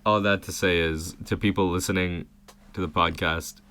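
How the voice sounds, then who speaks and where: A young man co-hosting a podcast, relaxed and agreeable in casual chat. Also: sits low, normal speed, clear, resonant tone. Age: young adult. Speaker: podcast co-host.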